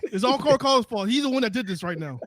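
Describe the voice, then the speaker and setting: A loud, joking American man co-hosting a football podcast, swearing freely. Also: very high-pitched, animated, fast talker, no echo. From United States. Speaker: podcast co-host. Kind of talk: sports podcast chat.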